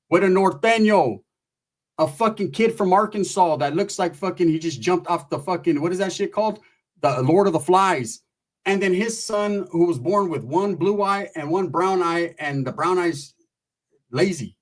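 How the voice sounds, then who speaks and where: Husky man telling a profane story. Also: on the high side. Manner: profane, animated, acts out quoted voices. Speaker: comedian storyteller. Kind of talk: stand-up storytelling.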